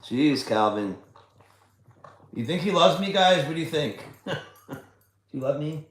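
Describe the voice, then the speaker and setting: A man's voice: on the high side, lively intonation, unhurried. A man hosting a casual trivia livestream from home, chatty, fond and coaxing as he talks. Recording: echoey room.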